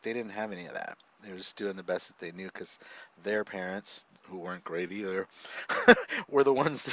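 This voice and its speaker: A man, a podcast guest, telling stories in a lively, conversational way and laughing often, heard over a video call. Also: mid-range voice, dull audio. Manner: animated, laughs often, quick asides. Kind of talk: conversational storytelling.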